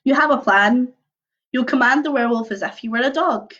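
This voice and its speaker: A young woman reading a choose-your-own-adventure book aloud on a livestream, mixing lively narration with casual chatty asides. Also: high-pitched, fairly quick. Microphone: computer or phone mic on a video stream. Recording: dull lo-fi livestream audio.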